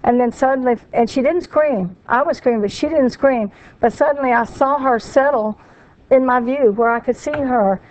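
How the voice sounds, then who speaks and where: Older woman earnestly retelling, halting. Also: high voice, a little mellow, low-quality recording. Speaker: guest. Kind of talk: emotional personal account.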